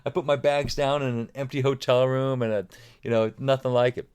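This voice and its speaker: A man's voice: medium pitch, fairly even intonation, brisk, a little mellow, clear, resonant tone. A middle-aged man talking casually as a podcast guest, rambling with many restarts and fillers. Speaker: guest drummer.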